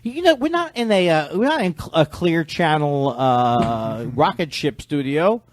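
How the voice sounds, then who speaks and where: A man's voice: a little high, big pitch swings, unhurried, no echo. A man, a comedian guest on a podcast, riffing in a sarcastic, rambling way and slipping into mock impressions. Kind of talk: casual comedy chat. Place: podcast studio.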